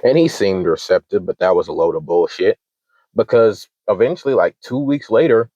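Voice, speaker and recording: Brief: deep-voiced guy in his twenties, casual profane rant, lo-fi dry mic. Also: animated, moderate pace, mellow, no echo. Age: 20s. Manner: heated, profane, acts out both sides of arguments. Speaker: channel host.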